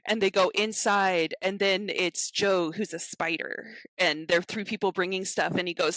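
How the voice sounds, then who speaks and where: A woman's voice: on the low side, normal speed, few pauses, dry recording. A woman chatting casually on a podcast, retelling a film scene by scene and acting out the lines as she goes. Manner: animated storyteller who acts out quotes.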